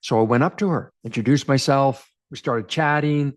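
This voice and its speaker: A man in his forties from Canada, a men's relationship coach, telling a personal story to camera in an emphatic, animated way with repeated phrases. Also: medium pitch, moderate pace. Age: 40s.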